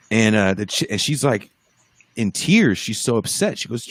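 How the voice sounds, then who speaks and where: A man's voice: lowish voice, lively intonation, moderate pace, no echo. A man on a podcast, casually telling a story, swearing freely and acting out other people's voices when he quotes them. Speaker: podcast guest, band musician. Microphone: podcast mic over a livestream.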